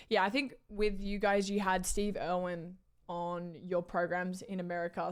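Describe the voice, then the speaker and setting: A woman with an Australian accent chatting casually with her stream viewers, rambling with lots of "like" fillers and restarts. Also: medium pitch. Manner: chatty and rambling, with frequent "like" fillers and self-corrections. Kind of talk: casual chat.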